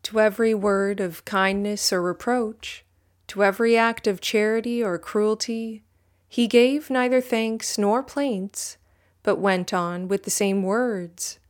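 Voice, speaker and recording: A woman reading a religious history text aloud in a measured, solemn way, speaking the footnote citations too. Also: mid-range voice, steady tone. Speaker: audiobook reader.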